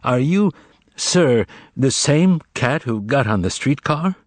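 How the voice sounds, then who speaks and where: A man's voice: medium pitch, expressive, takes it slowly, dry recording, pitched above the performer's own voice. A man voicing a weary, timid male writer who speaks hesitantly and tenderly.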